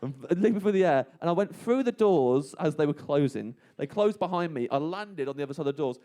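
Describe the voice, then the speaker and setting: A man on a radio show, telling a long comic anecdote in casual chat and going quiet when he quotes people. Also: a little high, lively intonation, a little fast. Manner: rambling storyteller, quiet when quoting people. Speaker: comedian telling a story. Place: radio studio. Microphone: studio microphone.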